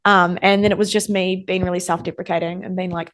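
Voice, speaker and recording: This young woman's voice is on the low side, level and fairly bright, and she talks fast with hardly any pauses. As a casual interview guest, she chats through her stories full of fillers and "like," acting out the conversations she recounts.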